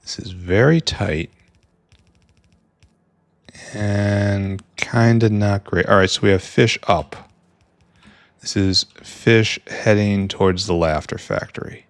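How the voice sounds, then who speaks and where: In casual let's-play commentary, a gameplay streamer with a deep, low voice slowly rambles through his game, thinking out loud, tossing in wry asides, and frequently muttering quietly to himself. The sound is dry and close to the mic, with no room sound.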